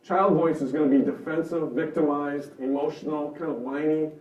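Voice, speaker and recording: A man's voice: on the high side, steady tone, moderate pace, darkish tone. Male seminar teacher, earnest and conversational, recorded from a distance in a roomy hall. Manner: earnest, conversational, explains with examples. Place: seminar room. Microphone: microphone over a room speaker system. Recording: roomy, distant, dull sound.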